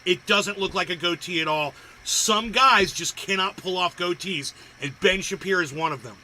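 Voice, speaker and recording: Man, high voice, very bright, profane reaction rant, crude insults. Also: moderate pace, a little hiss or hum, rough recording. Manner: ranting, crude insults, laughs. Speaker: livestream host.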